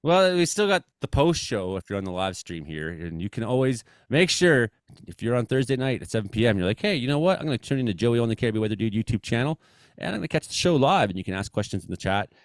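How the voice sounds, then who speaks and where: A man with an Ottawa Valley accent hosts a comedy weather show on a live stream. His pitch leaps around as he jokes, and he drops into mumbled asides. The sound is close and dry, with no room around it. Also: fast, dry recording. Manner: animated, jokey, swings between loud and mumbled asides.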